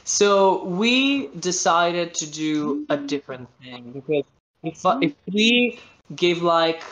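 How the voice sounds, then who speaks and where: A man's voice: a little high, big pitch swings, slow, fairly bright tone. A man from Italy with an Italian accent, whose first language is Italian, chatting as a voice-actor guest in an interview and often restarting as he hunts for words in English. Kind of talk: casual interview chat.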